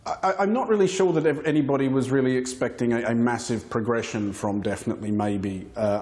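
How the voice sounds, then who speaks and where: Brief: lowish male critic, calm and considered. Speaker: critic interviewee. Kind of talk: measured commentary.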